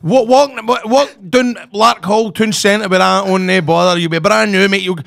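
A Scottish man co-hosts a casual podcast chat and chips in with boisterous jokes. His high voice is gravelly and bright, and the recording sounds dry. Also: steady tone, normal speed, no echo. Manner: boisterous, joking interjections. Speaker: podcast co-host.

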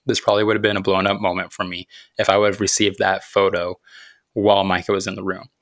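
A man's voice: sits low, level tone, fairly bright tone, no room sound, clean studio sound. A man in his thirties, a podcast host telling a personal story about faith and parenting in an earnest, reflective way. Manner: earnest, reflective, unhurried, with thoughtful pauses.

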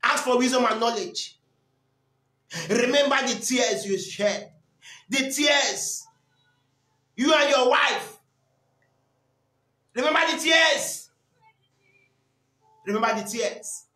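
A man preaching a sermon with great passion, often shouting and repeating lines. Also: very high-pitched, takes it slowly, long pauses. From Nigeria. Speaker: pastor. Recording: echoey hall.

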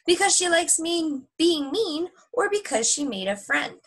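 Lively high-voiced woman teacher. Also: a little slow, low-quality recording. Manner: chatty, lively storytelling. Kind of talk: recorded lesson reading aloud to young kids. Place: home.

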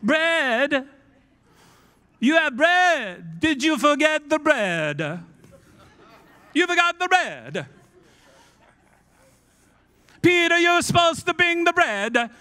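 A man's voice: extremely high pitch, sing-song, slow pace, pauses often, bright, forceful tone, pitched above the performer's own voice, heavily acted. A man voicing Jesus as a hammy, exasperated figure with a comic Italian accent, scolding about forgotten bread.

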